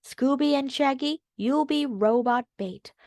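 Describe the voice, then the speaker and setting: A woman's voice: high voice, unhurried, gravelly, a little mellow, no echo, studio quality, voice pushed up. A woman voicing Fred, a confident young man who leads the gang and makes plans, in a storybook read-aloud. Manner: takes charge, plans.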